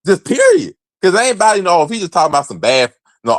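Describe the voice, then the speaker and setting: A young man co-hosting a casual sports podcast, talking in slangy, animated bursts and acting out imagined conversations. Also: high-pitched, fast, no echo. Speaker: podcast co-host.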